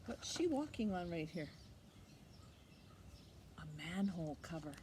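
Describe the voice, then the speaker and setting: A woman librarian reading a picture book aloud to children, expressive and animated, pausing for little asides to the listener. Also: fairly low pitch, a little hiss or hum. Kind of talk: storytime read-aloud for children.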